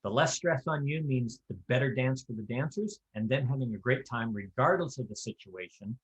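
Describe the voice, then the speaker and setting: A man's voice: mid-range voice, normal speed, few pauses, poor audio. A man giving a conversational, practical lesson on square dance calling, with folksy asides and offhand humor. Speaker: square dance caller teaching callers. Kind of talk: instructional talk.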